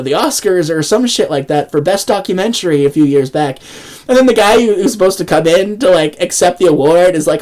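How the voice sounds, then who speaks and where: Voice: medium pitch, darkish tone. An angry voice delivering a profane political rant. The speaker stumbles through restarts and repeats words, mocks opponents with sarcastic asides, and breaks into scornful laughs between points. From Canada. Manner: angry, sarcastic, heavy swearing, frequent restarts. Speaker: political commentator.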